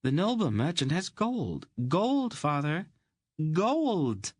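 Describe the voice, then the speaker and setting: Man putting on a shrill greedy young woman. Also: wildly swooping pitch, takes it slowly, slightly rough, no room sound, studio quality, exaggerated voice. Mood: pleading. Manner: whining, pleading.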